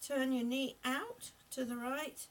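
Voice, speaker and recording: A woman leading a gentle exercise class, giving step-by-step cues and repeating them to her viewers. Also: high voice, slow pace, recorded from a distance. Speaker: exercise instructor. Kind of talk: live-streamed seated exercise class.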